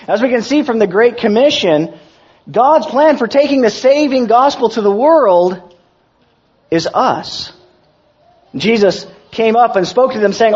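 A man preaching a sermon to his congregation, earnest and measured, slowing down to recite verses. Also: high-pitched, expressive, a little mellow, husky, lo-fi sound.

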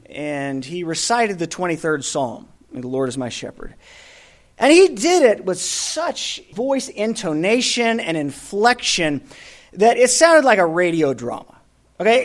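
Male preacher, high and very animated voice, storytelling sermon, hushed endings. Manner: storytelling, swings from loud emphasis to hushed endings.

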